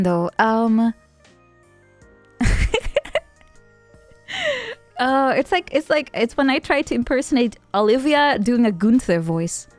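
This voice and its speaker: Giggly, excitable woman streamer. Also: medium pitch. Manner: playful and giggly, with bursts of excitement. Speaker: VTuber streamer. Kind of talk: casual stream chat.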